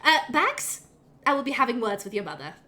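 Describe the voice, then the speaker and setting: A woman puts on an elegant, menacing matriarch for a tabletop game. She purrs endearments with a lifted, bright pitch, then snaps into cold threats. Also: sing-song, a little fast. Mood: scolding. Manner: sweet "darling" talk turning threatening. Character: fierce protective mother, elegant and menacing.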